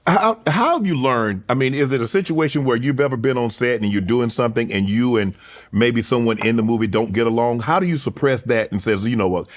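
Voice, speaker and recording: A man's voice: medium pitch, brisk. A man hosting an interview, asking questions in a conversational way and backing them with short affirmations. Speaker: host.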